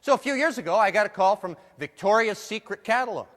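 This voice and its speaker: Against slight background noise and long hall reverb, a male motivational speaker delivers a humorous keynote to a live crowd, joking around and asking them questions. His high-pitched voice is animated, fast, and a bit bright.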